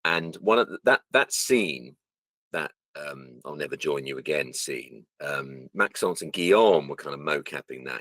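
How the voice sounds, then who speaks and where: A man's voice: low-pitched, no echo. A man and voice actor, chatting about his work and acting out lines as he talks, recorded close and dry. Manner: animated storyteller, acts out lines. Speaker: voice actor guest. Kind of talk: casual interview chat.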